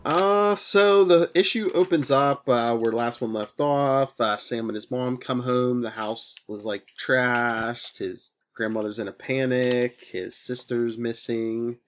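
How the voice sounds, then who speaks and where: A man's voice: medium pitch, slow, few pauses. A man hosting a podcast, casually retelling a comic book plot with lots of fillers and rambling asides. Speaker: podcast host.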